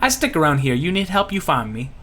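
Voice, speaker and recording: Brief: a streamer doing a folksy Louisiana-drawl oil pirate, lively sing-song delivery. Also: medium pitch, fairly quick. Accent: put-on Louisiana drawl. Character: gruff fugitive oil pirate man with a drawl. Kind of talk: reading game dialogue aloud.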